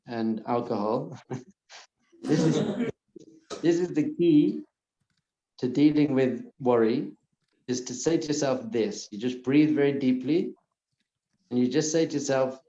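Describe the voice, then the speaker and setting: An earnest man teaches a live class in a mellow, warm voice. His words carry the echo of the room, and the recording sounds a bit dull and lo-fi. He often repeats a phrase gently and softly. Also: medium pitch, steady tone, a little slow, long pauses. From lives in Israel. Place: lecture room with audience.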